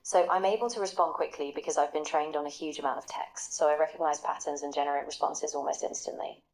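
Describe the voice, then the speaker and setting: Encouraging low-pitched AI woman's voice. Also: steady tone, fast talker, low-quality recording. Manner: upbeat, encouraging, polished. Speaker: AI voice assistant. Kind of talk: conversational practice partner.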